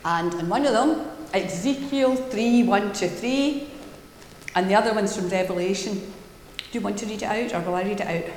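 A woman minister leading a prayer and giving a playful, animated children's talk in a church service. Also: medium pitch, moderate pace, slight background noise. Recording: echoey church hall with long reverb.

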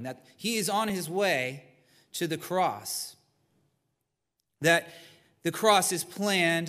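A man preaching a sermon with a slightly high voice, in a church hall with a long, ringing reverb. He talks to the congregation in a conversational, plainspoken way and keeps checking in with them. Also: a bit bright. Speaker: pastor. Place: church sanctuary.

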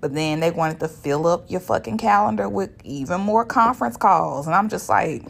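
A woman speaks in a low voice with a gravelly edge. She talks through a casual solo podcast monologue, venting bluntly and swearing freely. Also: animated, moderate pace, hardly any pauses. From Shreveport, Louisiana, US. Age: 30s. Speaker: podcast host.

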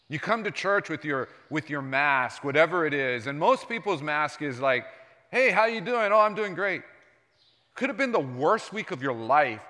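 A man preaching a sermon in a conversational way, sometimes dropping his voice low and sometimes raising it loud. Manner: conversational preaching, jumps between soft and loud. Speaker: pastor. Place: church sanctuary. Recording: long hall reverb.

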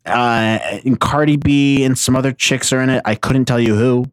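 A man's voice: medium pitch, steady tone, normal speed, no echo. A man hosting a show, giving tired, mocking commentary with a sarcastic edge. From United States. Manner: mocking, fed up. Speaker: host.

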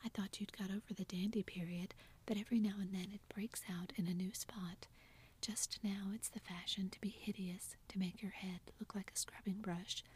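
A woman's voice: mid-range voice, steady tone, a little mellow, slightly rough. A woman voicing a blunt, tomboyish young woman who lectures, in a whispered role-play. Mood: scolding. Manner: whispered, brisk and scolding.

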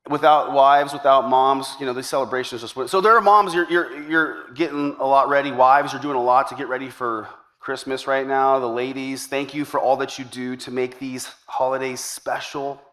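A man's voice: medium pitch, fairly even intonation, moderate pace, fairly bright tone. A man preaching a sermon to a church congregation, conversational and upbeat, with jokes along the way. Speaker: pastor. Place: church service before a congregation.

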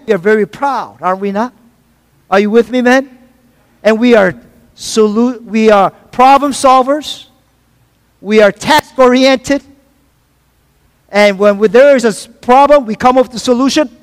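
High-voiced man preaching in a church. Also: long reverb tail. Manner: preaching with call-and-response asides; repeats phrases for emphasis, some stumbles. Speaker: pastor. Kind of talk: sermon.

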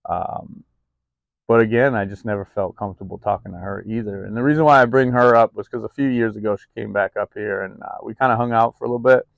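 A vlogger with a fairly low, creaky male voice talks fast and candidly in a personal vlog recorded outdoors in the cold, with no echo. He rambles confessionally, full of ums and restarts.

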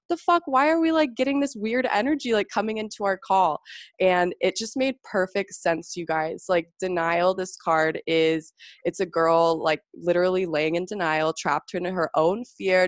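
A woman's voice: fairly low pitch, dry recording, studio quality. A young woman hosting a podcast in casual chat, gushing and swearing freely, with lots of fillers. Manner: gushing, profane, filler-heavy. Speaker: podcast host.

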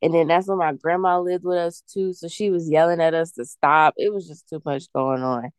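A woman's voice: deep voice, fairly even intonation, normal speed, clean tone, dry recording. Young woman rambling through a story. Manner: rambling storytelling with many likes. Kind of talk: casual podcast chat.

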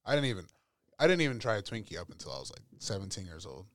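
A man's voice: on the low side, sing-song, very fast, no echo, clean studio sound. A young man appearing as a guest on a casual podcast, laid-back and joking. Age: young adult. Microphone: podcast microphone.

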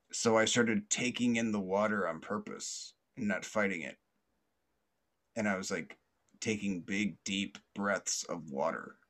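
A man hosting a podcast, telling a story casually with many fillers and restarts, often laughing and acting out the voices of others. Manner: acts out quoted voices loudly and higher. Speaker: podcast host.

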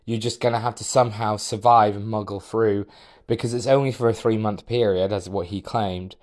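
A young man, a podcast guest, telling a personal story in a measured, reflective way with hesitant restarts. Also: lowish voice, steady tone, darkish tone. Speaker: podcast guest, architectural designer.

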